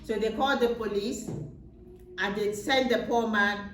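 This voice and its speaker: A woman's voice: mid-range voice, steady tone, measured pace. A woman retelling a Bible story to a child in simple words, patiently repeating her points. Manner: patient, explains with repetition. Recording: roomy, distant mic with faint noise.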